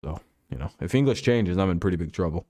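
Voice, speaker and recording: A man's voice: low voice, animated, quick pace, mellow, no room sound. A man hosting a casual football talk live stream, loose and joking, swearing freely as he signs off.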